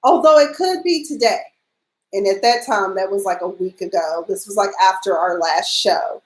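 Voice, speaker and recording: A woman hosting an internet radio show, chatting in a sassy, animated way and telling stories straight to her listeners. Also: medium pitch, normal speed, roomy sound, poor audio. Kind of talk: casual talk radio monologue.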